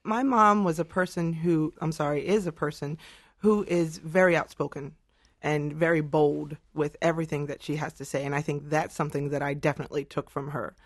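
A woman's voice: low-pitched, fairly even intonation, a little fast, no room sound. A woman panelist on a studio radio talk show, speaking in an earnest, straightforward way. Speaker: regular panelist. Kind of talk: conversational panel discussion.

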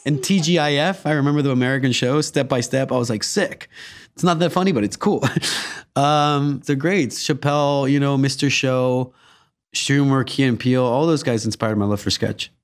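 Playful Guatemalan-born actor chatting. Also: male voice, medium pitch, moderate pace. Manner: playful, laughing, filler-heavy, acts out voices. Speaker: actor and comedian, guest. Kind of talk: casual interview.

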